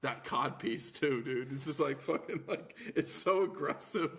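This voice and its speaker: A man's voice: mid-range voice, a little slow, creaky, fairly bright tone. A man co-hosting a podcast, trading crude comedic banter, swearing and laughing often. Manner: laughs often, profane and mocking. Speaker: podcast co-host.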